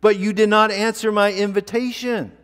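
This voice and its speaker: A man's voice: high voice, steady tone, normal speed, a bit bright, in a large hall, voice pushed up. A man voicing a surprised French king inside a sermon story, with a raised, exclaiming delivery.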